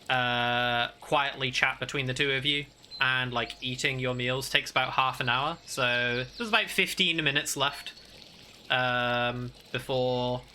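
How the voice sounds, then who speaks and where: A man runs a tabletop game, describing scenes in a loose, meandering way studded with filler words. His voice has a very bright, clear ring, with a faint hiss of noise underneath. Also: mid-range voice. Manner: rambling, full of "like" fillers. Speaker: game master. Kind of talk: narrating a tabletop game, casual.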